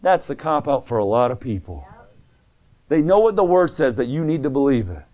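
A man preaching a sermon that answers written questions, telling folksy stories in plain speech and swinging between soft pleading and fervent calls. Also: mid-range voice, big pitch swings, fairly quick. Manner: folksy plain-spoken storytelling.

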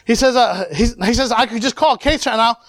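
Male preacher, high voice, dry sound, animated sermon. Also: fairly quick, no room sound. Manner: animated preaching with shouts and laughs.

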